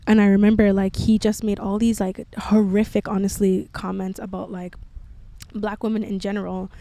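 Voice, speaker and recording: Speaking at a normal speed, this young podcast host shares a personal story in a candid, filler-heavy way, leaning constantly on "like." Her voice sits at a medium pitch with a level, warm tone.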